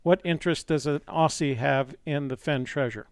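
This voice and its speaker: A man's voice: a little high, moderate pace, smooth, dry recording, clean studio sound. A man hosting a live-streamed call-in show, talking in a chatty, rambling way with many fillers. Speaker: host.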